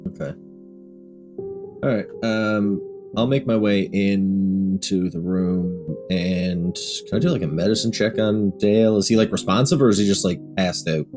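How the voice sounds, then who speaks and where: Man, tabletop player, very deep voice, plain questioning, guitar music behind. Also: steady tone, a little slow. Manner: asks questions plainly, thinking aloud. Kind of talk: tabletop game play.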